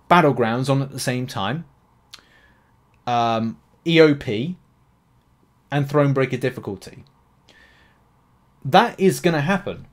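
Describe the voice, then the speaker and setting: Male gaming creator, mid-pitched, loose rambling delivery, brief: video commentary. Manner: rambling, many fillers and restarts. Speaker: gaming YouTuber. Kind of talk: casual commentary on a mobile game.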